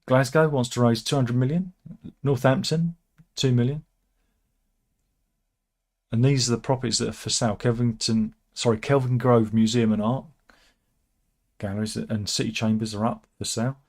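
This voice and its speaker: A man's voice: medium pitch, fairly even intonation, moderate pace, long pauses, a little mellow. Wry, rambling man reading the news. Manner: rambling and wry, with many restarts and asides. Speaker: host of a satirical news channel. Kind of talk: casual commentary on news stories.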